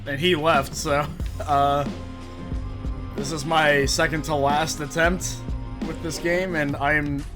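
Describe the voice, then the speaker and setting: A man's voice: on the high side, level tone, takes it slowly. A man streaming a game, chatting casually and rambling, laughing often. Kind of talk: casual gameplay chat. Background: game music.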